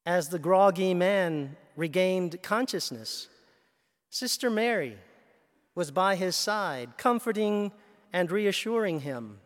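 A priest delivers a measured sermon at an unhurried pace. His voice is a man's, set fairly high. The church's long reverb trails after each phrase. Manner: slow, measured delivery with storytelling asides. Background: long hall reverb.

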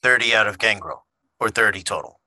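A man's voice: lowish voice, a little fast, pushed and bright, no echo, poor audio. A man playing in a casual tabletop game, laid-back with short replies. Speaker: player.

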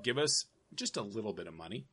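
Bright-voiced joking man. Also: on the low side, animated, quick pace, husky. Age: late 30s. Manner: joking, playful. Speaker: podcast co-host. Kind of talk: casual chat.

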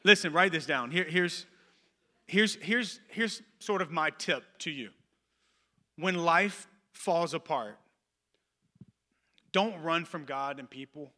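Male pastor, 30s, sermon, high voice, bright and forceful tone, rises to loud calls and drops to quiet asides. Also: takes it slowly, pauses often. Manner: animated preaching that swings between loud emphatic calls and soft low asides.

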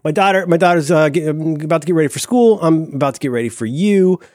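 A man's voice: a little high, quick pace, no room sound, studio quality. A middle-aged man co-hosting a podcast in casual comedic chat, gushing and stammering through restarts. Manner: animated, gushing, mock-wistful, stammering restarts. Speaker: podcast co-host.

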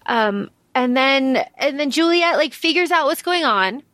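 Her voice is high and the recording is dry. As a podcast co-host reviewing a book, she talks casually and with flair, quickly venting strong dislikes in a lively, dramatic manner.

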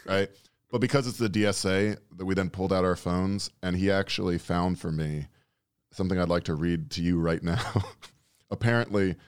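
A man hosting a podcast, telling crude jokes in a wry, deadpan way during casual chat. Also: deep voice, clear, resonant tone, dry recording, clean studio sound. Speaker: podcast host.

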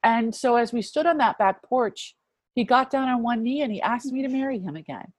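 A woman in her fifties sharing a personal faith testimony as an interview guest, earnest and reflective, often dropping to a hushed voice. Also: a little high, expressive, brisk, dry recording. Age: 50s.

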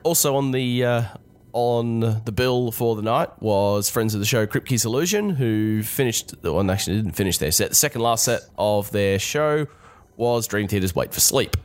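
A man's voice: mid-range voice, normal speed. Aussie guy hosting a music podcast, stuffy nasal cold voice, easygoing and rambly. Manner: relaxed, rambling with restarts. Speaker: podcast host. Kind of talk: casual podcast chat.

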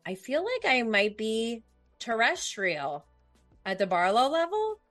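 Young woman podcaster, unhurried casual delivery, gets emotional, dry booth sound. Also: fairly high pitch, no echo, faint music behind. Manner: excitable, emotional, rambling with fillers. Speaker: podcast host. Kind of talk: casual solo podcast chat. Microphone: podcast microphone.

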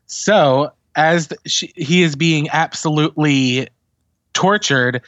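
A man hosting a podcast, chatting casually and recapping a TV episode with lively storytelling. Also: on the high side, slow pace, dry recording, dull audio. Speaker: podcast host doing recaps.

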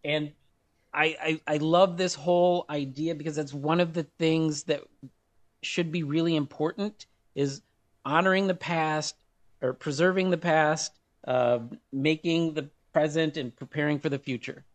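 A man's voice: a little high, steady tone, measured pace. Earnest, rambling male co-host. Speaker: podcast co-host. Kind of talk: casual podcast chat.

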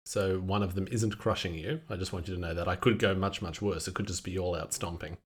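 A man with a notably low voice talks through casual podcast banter. He keeps a playful, mock-formal tone, teasing his co-hosts with exaggerated praise. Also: steady tone, fairly quick, breathy edge. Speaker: podcast co-host.

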